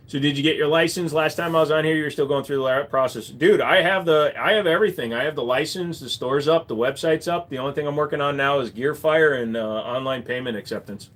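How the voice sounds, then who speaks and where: A man's voice: mid-range voice, a bit bright. A man hosting a live stream, chatting casually with viewers, rambling and swearing now and then. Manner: rambling, swears casually, drifts between topics. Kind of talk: casual chat answering viewers.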